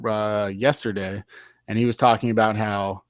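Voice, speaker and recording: A man's voice: lowish voice, little pitch movement, normal speed, no echo, studio quality. Rambling man hosting a podcast. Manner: rambling, loose, with many fillers and restarts. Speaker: podcast host. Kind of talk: casual podcast chat.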